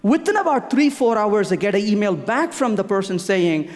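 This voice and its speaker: This conference speaker is animated and emphatic, with pitch that rises and falls expressively as he stresses one point over and over, restarting often at a normal pace. A stage microphone carries the talk into a big hall, where it rings with long reverb.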